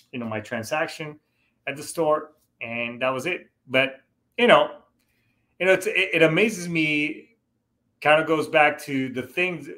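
A middle-aged man tells a personal story straight to his viewers. His voice has a bright, forward edge. He rambles and circles back, leaning on "you know" and restarting sentences as he goes. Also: on the high side. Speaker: show host, Marine veteran.

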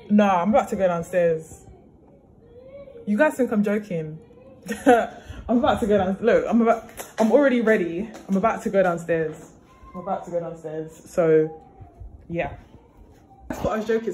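A young woman vents in disbelief. She talks into a phone in a slangy, fired-up way. Steady hiss and clutter hang under her voice. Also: mid-range voice. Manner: exasperated, incredulous, slangy. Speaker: vlogger. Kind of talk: casual ranting vlog. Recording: noisy phone recording.

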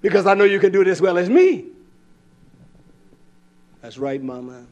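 High-voiced preacher, scolding and blunt. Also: male voice, sing-song, normal speed, muffled recording. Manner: scolding, swings from loud to low mutters. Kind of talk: sermon.

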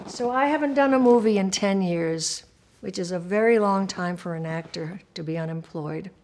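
An older woman in a documentary interview, telling stories from her career in an animated way, acting out the people she quotes and laughing often. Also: on the low side. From Puerto Rico.

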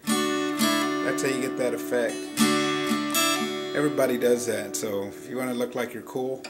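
A man's voice: mid-range voice, steady tone, moderate pace. A man giving a casual step-by-step guitar lesson, explaining chord shapes plainly and easygoingly. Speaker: guitar teacher. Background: acoustic guitar being played.

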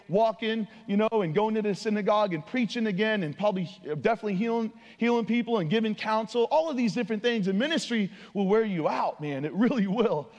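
A young man preaching an informal sermon in a church, casual and slangy, talking in quick conversational bursts. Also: high-pitched. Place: church sanctuary. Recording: long hall reverb.

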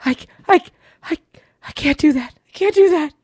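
A woman putting on the voice of her panicky partner, who is terrified of a dead mouse, breathless and squeaky. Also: very animated, moderate pace, no echo, studio quality. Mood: frantic. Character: panicky woman startled awake, scared of mice.

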